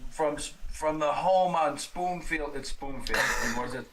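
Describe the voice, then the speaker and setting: A man doing an earnest, stammering investigator in a horror tabletop game. His voice sits a little higher than most men's. He halts and restarts as he pleads his case. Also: a little slow, crowd noise, close to an everyday voice, low-quality recording. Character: earnest male paranormal investigator on the phone. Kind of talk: horror tabletop role-play.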